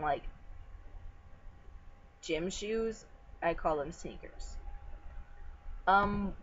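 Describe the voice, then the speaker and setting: A teenage girl chatting casually through a vlog challenge, reading out a word list with fillers, at home. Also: mid-range voice. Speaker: vlogger. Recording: dull lo-fi webcam sound.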